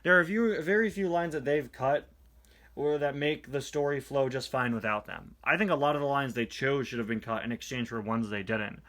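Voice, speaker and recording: Brief: male toy reviewer, sharp bright tone, sarcastic exasperated commentary, snaps into quick character voices. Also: mid-range voice. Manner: reads captions aloud in quick put-on voices. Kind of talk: casual comic book review.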